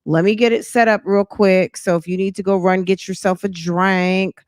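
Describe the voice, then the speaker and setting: A woman's voice: mid-range voice, steady tone, normal speed, no room sound, studio quality. A woman hosting a commentary channel, talking casually to her viewers in a chatty, rambling way with many ums and restarts.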